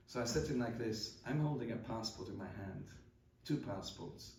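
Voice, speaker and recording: A man's voice: mid-range voice, normal speed, vocal fry, hardly any pauses, a little mellow. A man, a rabbi delivering a eulogy sermon, earnest and storytelling, often repeating a word as he searches for the next phrase. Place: large study hall. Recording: roomy hall audio from a distance, faint noise.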